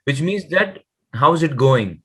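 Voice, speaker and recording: A man teaching a beginner Dutch lesson over a video call, patient, and sounding out words very slowly. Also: on the high side, animated, fairly bright tone, slightly rough. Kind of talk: online one-to-one language lesson.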